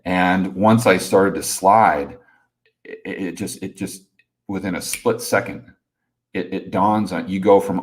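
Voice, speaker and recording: Low-voiced man telling a rambling story. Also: fairly even intonation, unhurried. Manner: rambling, many restarts and filler phrases. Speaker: host telling a personal story. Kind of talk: casual live-stream storytelling.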